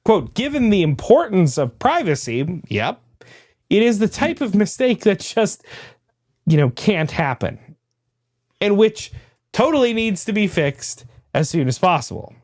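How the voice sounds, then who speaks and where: A man's voice: high voice, big pitch swings, a little slow, a little mellow, no echo. A man hosting a podcast, reading a news article aloud and breaking off for dry, laughing asides. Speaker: podcast host.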